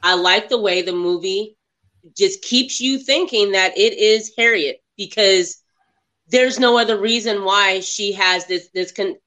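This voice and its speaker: Bright-voiced woman retelling movie scenes. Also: medium pitch. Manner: animated retelling of scenes, quoting characters. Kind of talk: casual movie review chat.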